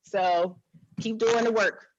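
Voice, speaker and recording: A woman in her thirties from New Jersey doing a blunt, animated stand-up set, talking to the audience like a friend. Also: a little high, takes it slowly, lo-fi sound. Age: 30s. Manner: blunt, animated, conversational, repeats herself. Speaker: stand-up comedian.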